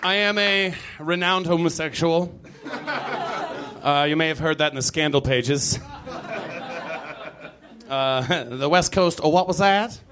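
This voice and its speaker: A man doing a stand-up comedy set, animated and quick to jump into loud put-on voices. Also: a little high. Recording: live crowd laughing in the room. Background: audience laughter.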